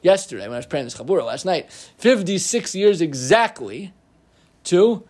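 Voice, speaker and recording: A middle-aged man teaching an informal Torah class, animated, with humorous asides and frequent restarts. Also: high-pitched, normal speed.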